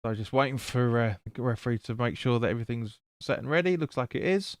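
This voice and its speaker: Man, live football watch-along host, casual chatty commentary, smooth clear voice, dry close sound. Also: mid-range voice, lively intonation, quick pace, dry recording. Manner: casual, chatty, swears, stumbles over names. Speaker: fan stream host.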